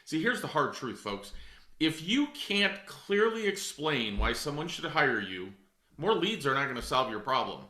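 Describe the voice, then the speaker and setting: A man's voice: fairly high pitch, very animated, measured pace, sharp tone, reverberant. A middle-aged man coaching real estate agents in a direct, emphatic way, calling his listeners folks. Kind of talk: coaching talk.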